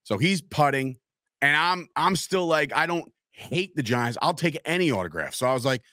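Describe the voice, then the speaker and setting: A man's voice: on the high side, normal speed, no room sound, clean studio sound. A man hosting a casual sports podcast, telling profane stories and acting out the people in them. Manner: animated profane storyteller, acts out quotes. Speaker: podcast host.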